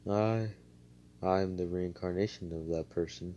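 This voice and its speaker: A brash young hero voiced by a man in his own low voice, blunt and foul-mouthed, with a hotheaded edge. The tone is deep and dark, and the delivery is loose fan storytelling. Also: steady tone, unhurried, lo-fi sound, slight background noise. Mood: ranting. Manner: profane, blunt.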